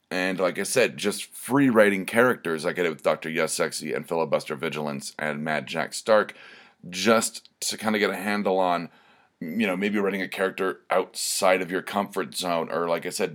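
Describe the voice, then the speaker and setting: With a low-sitting voice and a fairly bright tone, this man rambles through casual solo podcast talk as the host, dropping frequent ums while he works through his thoughts aloud.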